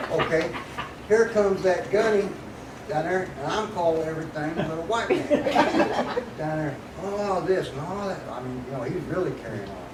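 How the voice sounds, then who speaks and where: Older guy telling a story, folksy and laughing, kinda high voice, echoey far-off hall with noise. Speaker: guest speaker. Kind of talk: storytelling talk to an audience. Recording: echoey hall, mic at a distance, noisy.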